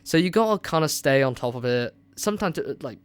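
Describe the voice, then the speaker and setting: A man hosting a movie review radio show, chatting casually and excitedly with lots of filler words. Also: on the high side, fairly quick, clean tone, dry recording.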